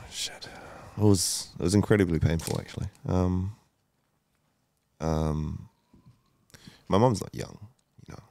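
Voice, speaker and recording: A man's voice: sits low, slow, pauses often, a little mellow. A man, a guest telling a candid personal story, emotional, swearing often and using many fillers. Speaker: guest entrepreneur.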